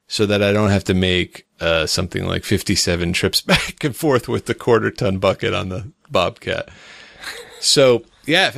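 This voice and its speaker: A man in casual podcast chat who talks with enthusiasm and exaggerates his stories, his pitch jumping up sharply. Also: gravelly, fairly bright tone, no echo, clean studio sound. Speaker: podcast co-host.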